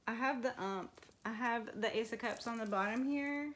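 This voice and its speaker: A woman's voice: on the high side, moderate pace, fairly bright tone. A woman doing a casual tarot reading for her viewers, musing aloud and laughing often. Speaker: tarot reader.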